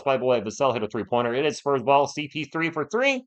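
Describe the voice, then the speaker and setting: A man's voice: medium pitch, fast talker, few pauses. A man hosting a fan live stream, calling the game play by play and bantering with the chat. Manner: animated, partisan, banters with chat.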